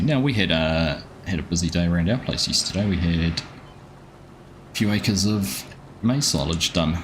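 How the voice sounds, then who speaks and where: Low-voiced guy streaming a farming game, chatty, says hi to everyone in chat, bit of faint hum behind. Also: normal speed. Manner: chatty, greets viewers by name between gameplay remarks. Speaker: live-stream host. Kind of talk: casual live-stream commentary.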